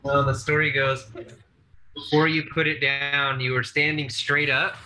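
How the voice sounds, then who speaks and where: A man's voice: fairly high pitch, little pitch movement, a little slow, sharp tone, slight background noise, low-quality recording. A man in casual podcast chat, dropping dry teasing remarks. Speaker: podcast co-host.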